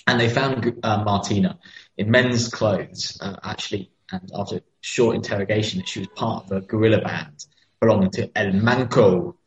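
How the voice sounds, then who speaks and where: A man with a lowish voice tells history stories in a relaxed podcast chat, often pausing and starting over as he goes. The sound is muffled and lo-fi, its highs dulled. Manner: hesitant, many fillers and restarts, storytelling. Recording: dull lo-fi sound.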